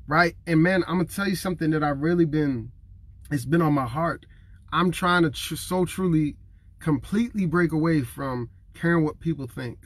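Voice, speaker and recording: A man's voice: a little high, normal speed, breathy edge, no echo. A man in his thirties preaching to camera in an earnest, conversational way, emotional and near tears. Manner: earnest and conversational, acting out what others say; emotional, fighting back tears.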